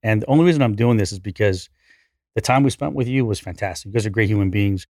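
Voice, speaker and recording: A man in his forties, a podcast guest, telling a story in an animated, profane, self-deprecating way. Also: on the low side, fast talker, no room sound, clean studio sound. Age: 40s. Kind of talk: casual storytelling.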